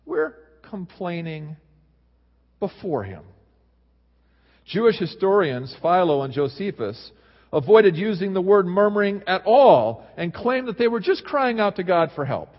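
Pastor, male, mid-high voice, very lively delivery, sermon in a dull-sounding, echoing sanctuary. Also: normal speed. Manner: animated preaching, dropping to low quiet asides. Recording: dull sound in a reverberant hall.

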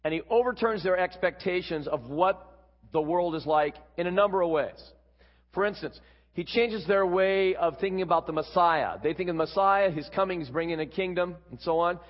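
A man preaching a sermon, explaining a Bible passage with quick asides. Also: high voice. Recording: dull, echoey hall.

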